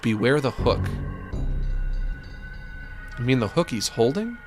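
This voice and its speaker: A man streaming a video game, thinking aloud in an animated, self-mocking way with sudden exclamations. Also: mid-range voice, slow, over music. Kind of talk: let's-play commentary.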